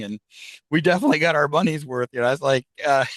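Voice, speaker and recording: Bright-voiced man telling ghost stories. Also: a little high, a little fast, dry recording, poor audio. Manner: animated anecdotes, acts out quoted dialogue. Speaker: guest, paranormal investigator. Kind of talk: casual storytelling interview.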